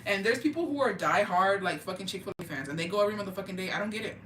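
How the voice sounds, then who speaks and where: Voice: mid-range voice, very fast, far from the mic, background noise. A young adult, chatting casually on a podcast and telling stories with lots of swearing, slang and Spanish words. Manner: profane, animated storytelling with slang and Spanish words. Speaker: podcast co-host. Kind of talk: casual chat. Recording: roomy, off-mic with faint ambience.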